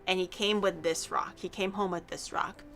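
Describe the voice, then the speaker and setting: A woman streamer chatting casually on a livestream, rambling excitably and swearing freely. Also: fairly low pitch, normal speed, faint music behind.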